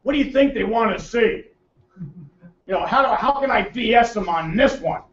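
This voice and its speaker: A brash American man with a high voice, running a seminar and ribbing the audience with questions. He sounds far from the microphone in a roomy meeting room, and the recording is dull. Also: animated, normal speed. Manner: brash, joking, quizzes the room. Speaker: seminar presenter. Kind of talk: teasing seminar talk to a live audience.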